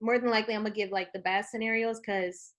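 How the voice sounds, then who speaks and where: A woman's voice: mid-range voice, steady tone, fast. A woman trainer coaching her team in a live online session. She talks with energy, often checks in with "okay?", and acts out both sides of a phone call.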